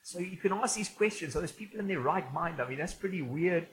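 A man's voice: sits high, lively intonation, brisk, a bit bright, slight background noise, low-quality recording. A man preaching a conversational, humorous sermon in a church. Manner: conversational and humorous, with frequent restarts. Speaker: pastor. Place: church auditorium.

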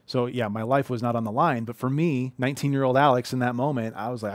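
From his living room, a pastor in his thirties gives an earnest, conversational sermon filled with heartfelt personal stories. He speaks fast in a mid-range voice, and the recording is dry.

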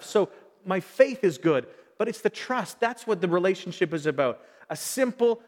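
A middle-aged man preaching a sermon, telling stories in an animated way and acting out his son's voice. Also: high-pitched. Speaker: pastor. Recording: long hall reverb.

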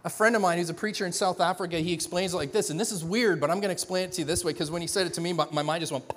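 A middle-aged man preaches in a loose, conversational way, restarting phrases and acting out little scenes. His voice sits high for a man. The sound rings with the long reverb of a large church hall. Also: rapid-fire. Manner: animated, conversational, many restarts, acts out dialogue. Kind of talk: sermon.

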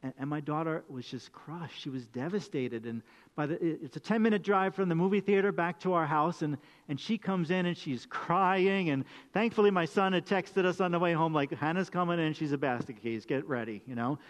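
A middle-aged man preaching a sermon and telling a story about his daughter, animated and prone to repeating words as he goes. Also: a little high, fairly quick, big-room sound. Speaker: pastor.

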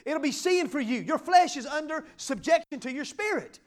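A fervent middle-aged preacher, his voice pitched unusually high. He swings from ringing, emphatic declarations to quiet, intimate asides as he preaches. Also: lively intonation, moderate pace. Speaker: pastor. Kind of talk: sermon.

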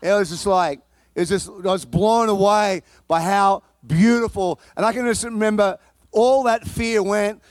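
A male pastor preaching a sermon, telling a personal story in an animated, comic way and often repeating and restarting his words. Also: high voice, normal speed, no room sound.

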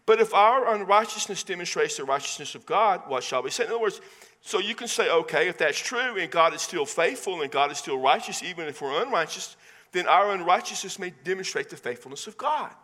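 A man with a Texan accent preaching a sermon as pastor, conversational and animated, with casual asides. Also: high-pitched, fairly quick. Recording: long hall reverb.

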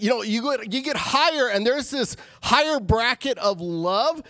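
Guy pastor preaching, high voice, chatty asides, dry close sound. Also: animated, a bit bright, dry recording. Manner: conversational preaching with quick asides and acted-out quotes. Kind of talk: sermon.

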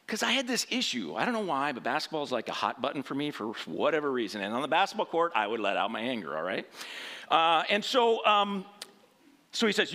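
A man's voice: fairly high pitch, very animated, brisk, bright, forceful tone. A man preaching through a rambling personal story in a conversational sermon style, often checking in with "right?".

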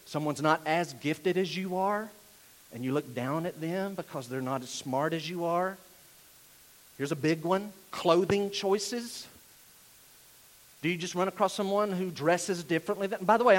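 A male pastor with a Southern US drawl preaching a sermon in a direct, conversational way, putting pointed questions to his listeners. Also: a little high.

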